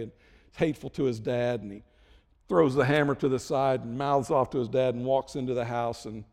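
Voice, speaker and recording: A man's voice: mid-range voice, darkish tone, big-room sound. A middle-aged man preaching a sermon as a pastor, conversational and self-deprecating with jokes.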